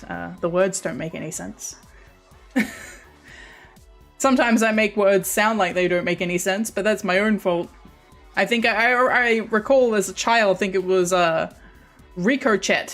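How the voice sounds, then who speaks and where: A woman's voice: medium pitch, fairly bright tone. Rambling woman with a light Australian accent. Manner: rambling, with frequent restarts and self-corrections. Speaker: streamer. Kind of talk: casual chat to stream viewers.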